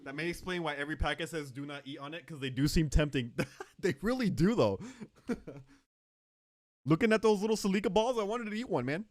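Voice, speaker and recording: A man's voice: fairly high pitch, normal speed, pauses often. A man streaming live, chatting casually and joking with his chat. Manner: joking, animated, talks to chat.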